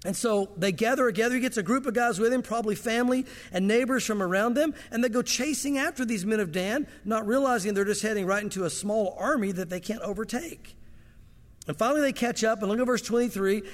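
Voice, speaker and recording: A man's voice: sits high, fast, big-room sound. A man preaching a sermon in a conversational way, with casual asides to the congregation. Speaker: pastor.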